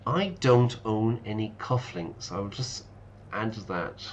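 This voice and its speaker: A man's voice: lowish voice, slow, noisy background. A man, an English teacher, chatting casually and explaining words while streaming a game. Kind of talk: casual let's-play commentary.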